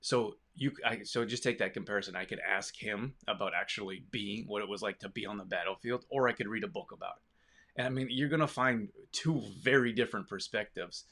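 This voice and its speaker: A man's voice: on the low side, brisk, bright, forceful tone. A man who runs a business, talking casually to camera in a rambling way, with many restarts and side stories. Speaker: business owner.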